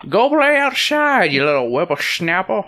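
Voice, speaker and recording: Man doing a high, fussy old grandmother. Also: sing-song, pushed and bright, full character voice. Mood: scolding. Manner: high, drawn-out scolding.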